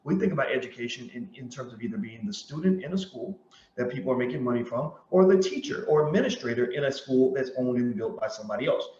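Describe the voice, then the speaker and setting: A man's voice: mid-range voice, expressive, quick pace, a little mellow. A man hosting a commentary monologue, who talks emphatically, repeats his points and tells stories with quoted dialogue. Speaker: host and commentator. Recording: roomy, dull lo-fi sound.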